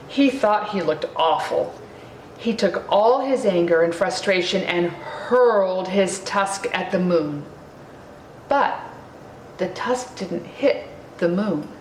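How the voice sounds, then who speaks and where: A woman reading a children's picture book aloud in a slow, expressive storytelling manner. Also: medium pitch, a little hiss or hum. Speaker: reader. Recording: roomy, distant mic, faint ambience.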